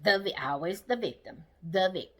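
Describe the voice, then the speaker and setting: A woman speaking AAVE gives a blunt, sassy casual recap of a reality show, acting out the cast in quick quotes. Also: lowish voice, lively intonation, a bit bright, husky.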